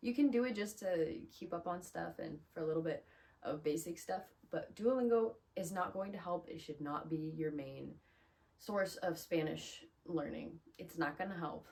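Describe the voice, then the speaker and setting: A woman's voice: on the low side, moderate pace, creaky, darkish tone. A woman giving a casual, chatty video lesson as a Spanish teacher, upbeat and full of "like" and "um". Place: small closet room.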